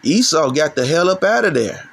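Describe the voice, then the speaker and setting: A man's voice: on the high side, big pitch swings, moderate pace, gravelly, a bit bright, poor audio. A middle-aged man from Chicago giving a heated, profane religious rant, often stumbling and restarting his sentences. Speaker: channel host. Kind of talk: ranting religious commentary.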